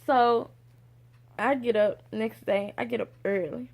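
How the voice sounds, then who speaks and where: A young woman vlogger telling a personal story in a casual, animated way, acting out the voices of others. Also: on the high side, a little slow, vocal fry. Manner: animated, acts out quoted voices.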